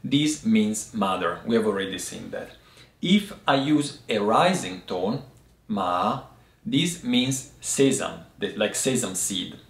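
A man hosting a language lesson, explaining thoughtfully and pausing to find his words. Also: fairly low pitch, animated, vocal fry, reverberant. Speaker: host teaching Chinese tea words.

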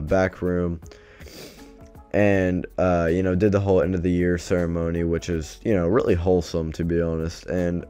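Low-voiced man telling a profane story. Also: mellow. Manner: profane, exasperated, rambling. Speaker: vlogger. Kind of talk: casual storytime.

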